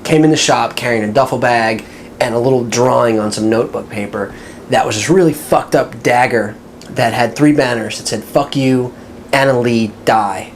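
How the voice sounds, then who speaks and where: A middle-aged former tattoo artist telling a story in a relaxed, offhand, profane way. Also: medium pitch, normal speed, slight background noise. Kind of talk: casual storytelling.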